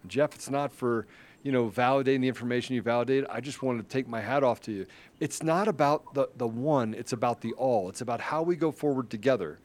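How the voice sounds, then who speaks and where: A middle-aged man hosts a political talk podcast in a fervent, rambling way, often restarting his sentences. His voice sits at a medium pitch. He closes out guests with earnest, rallying appeals. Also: brisk. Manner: fervent, rambling, with many restarts, rising to rally-style shouting. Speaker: podcast host. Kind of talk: casual political talk show.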